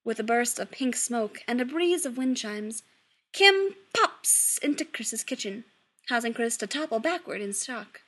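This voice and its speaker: A woman narrating a story aloud in an expressive, lively reading. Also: on the high side, a little slow.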